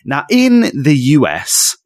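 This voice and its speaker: A young man co-hosting a podcast, chatty and excitable, rushing his words in bursts. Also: a little high, dry recording, studio quality. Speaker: podcast co-host. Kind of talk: casual chat.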